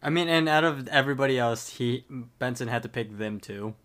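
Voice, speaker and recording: A man's voice: medium pitch, a little fast, fairly bright tone. A man co-hosting a podcast, chiming in casually with short remarks and questions. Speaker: podcast co-host. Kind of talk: casual chat.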